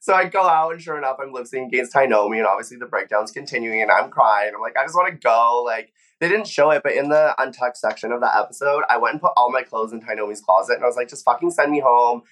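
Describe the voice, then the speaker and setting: A man's voice: medium pitch, quick pace, hardly any pauses, fairly bright tone. A young man, a former reality competition contestant, chatting casually in an interview, full of "like" fillers and acted-out quotes. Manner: chatty, frequent "like" fillers, acts out quoted voices.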